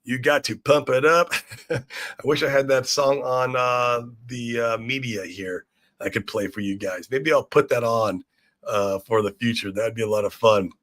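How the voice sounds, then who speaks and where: Hyped guy on a crypto livestream, bright voice, swears a lot, shouts out chat names. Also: medium pitch, steady tone, moderate pace. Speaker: livestream host. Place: room in Shanghai.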